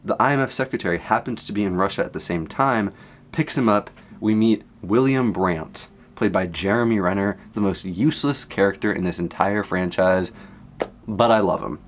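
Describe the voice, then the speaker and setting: Young man with a lowish voice, excitable, rambling recap from memory with sudden high exclaims. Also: normal speed, a little hiss or hum. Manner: rambling, excitable, jumps between hushed asides and high exclaims. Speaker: content creator. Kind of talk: casual movie recap from memory.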